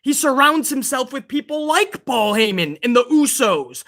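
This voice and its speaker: Excitable streamer host, high bright voice, profane rant. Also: moderate pace. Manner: profane, heated ranting. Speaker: host of a pro wrestling livestream. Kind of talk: livestream rant.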